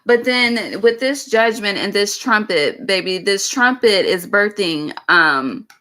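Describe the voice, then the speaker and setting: Woman, tarot reader, bright clear tone, casual, blunt, cussing, says "okay" a lot. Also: mid-range voice, lively intonation, slow pace. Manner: chatty, frank, peppered with "baby" and "okay" and cussing. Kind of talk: casual tarot reading monologue.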